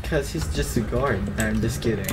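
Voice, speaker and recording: A man plays a horror game and talks through it at a moderate pace in a mid-range voice, with faint music in the background. He swears constantly and jumps at every scare, keeping his casual commentary excitable.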